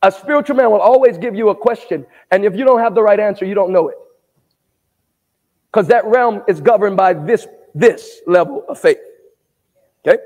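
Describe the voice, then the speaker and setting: A male pastor preaching a sermon in call-and-response fashion, asking the congregation to answer back and building to shouted emphasis. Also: sits high, normal speed, pauses often. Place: church sanctuary. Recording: long reverb of a church hall.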